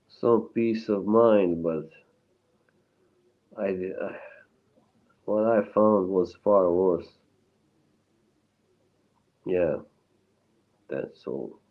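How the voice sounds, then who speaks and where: A man with a very low voice rambles through a casual live stream, swearing as he answers his chat. He talks slowly and sounds emotionally shaken. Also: lively intonation, narrow, tinny audio.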